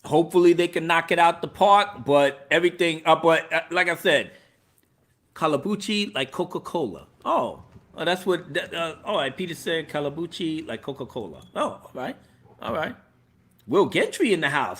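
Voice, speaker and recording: A man hosting a live stream in casual chat, animated and laughing, using street slang. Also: on the high side, normal speed. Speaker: livestream host.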